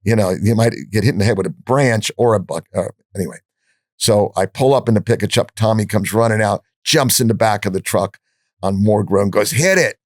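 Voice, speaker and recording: An older man with a fairly low voice tells his stories bluntly, swearing freely and putting on the voices of the people he quotes. The sound is dry and close, with no room around it. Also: brisk, no room sound. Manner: animated storyteller, acts out quoted dialogue; profane, blunt. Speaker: podcast guest. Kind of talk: storytelling in an interview.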